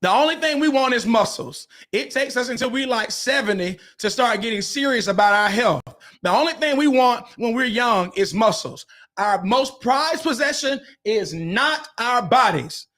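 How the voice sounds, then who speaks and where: Man, high voice, podcast host, emphatic, preacher-like, repeats phrases. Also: expressive, normal speed, a bit bright. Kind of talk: preaching-style relationship advice.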